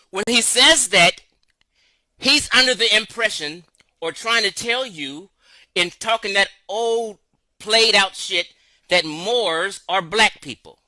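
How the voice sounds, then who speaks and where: A man's voice: sits high, slow pace, sharp tone, no echo, rough recording. A man hosting his channel, reacting to a clip and lecturing in an argumentative tone. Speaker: channel host.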